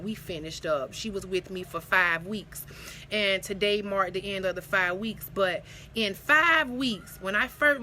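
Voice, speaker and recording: A young woman from South Carolina, a spiritual healer, gives an emphatic, animated testimony to camera, repeating phrases and laughing often. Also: mid-range voice, a little hiss or hum. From South Carolina, USA. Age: young adult. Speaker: spiritual healer promoting her services.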